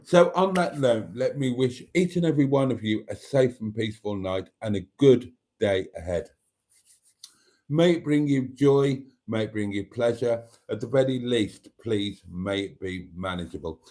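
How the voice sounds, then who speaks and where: A man hosting his nightly livestream in a casual chat, speaking gently and affectionately and often trailing off quietly. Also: mid-range voice, normal speed. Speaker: channel host.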